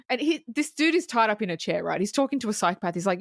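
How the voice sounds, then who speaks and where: A woman co-hosting a movie podcast, recapping scenes in animated, casual chat and swearing freely. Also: mid-range voice, racing, dry recording, studio quality. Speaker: podcast co-host.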